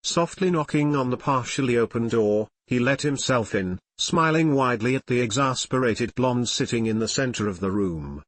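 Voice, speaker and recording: A man reading fan fiction aloud as narrator, telling the story in an animated way. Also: medium pitch, normal speed, hardly any pauses, no room sound. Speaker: audiobook reader.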